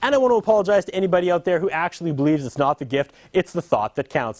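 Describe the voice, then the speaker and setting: A man's voice: fairly high pitch, very fast, few pauses, dry recording. A man in his thirties delivering a sarcastic, mock-apologetic comedy monologue as host.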